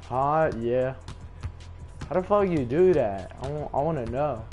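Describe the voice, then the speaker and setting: A man's voice: mid-range voice, lively intonation, a little slow, a little mellow, soft background music. A man trash-talking and cursing at his opponent while commenting on his own gameplay. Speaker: gaming content creator.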